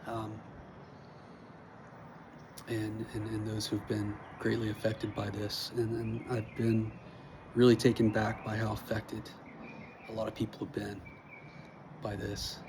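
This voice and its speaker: A man speaking haltingly through emotion, with many pauses and fillers, as he thanks his listeners. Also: fairly low pitch, monotone, noisy background. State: emotional, near tears. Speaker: vlogger sharing personal news. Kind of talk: emotional personal address.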